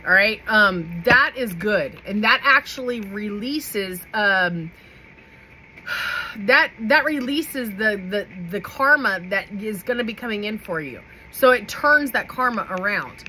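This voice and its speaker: Woman, tarot reader, bright voice, chatty and emphatic, faint room noise. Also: medium pitch, lively intonation, slow, low-quality recording. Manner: chatty, emphatic, repeats "okay?", laughs often. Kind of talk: casual tarot reading to camera.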